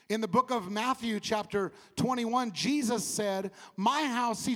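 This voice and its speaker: A man with a Southern US accent preaching a sermon as pastor, animated, laughing at himself and calling for responses from the congregation. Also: high-pitched, big-room sound.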